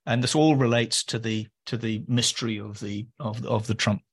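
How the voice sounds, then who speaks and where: A man's voice: medium pitch, steady tone, moderate pace, slightly rough. A man co-hosting a political podcast, chatting casually with wry, joking asides. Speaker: podcast co-host.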